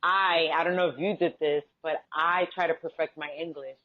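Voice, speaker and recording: A woman's voice: deep voice, moderate pace, muffled recording. A woman with a Bronx Dominican accent whose first language is Spanish, telling stories as an interview guest and acting out the voices in them. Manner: animated storyteller, acts out quoted exchanges. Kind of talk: casual interview chat.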